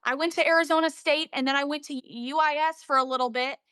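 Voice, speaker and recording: A young woman from Central Illinois, a journalist, telling animated, emotional stories as an interview guest. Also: sits high, quick pace, dry recording, clean studio sound. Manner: emotional, animated storytelling with quoted dialogue. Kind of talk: storytelling in a casual interview.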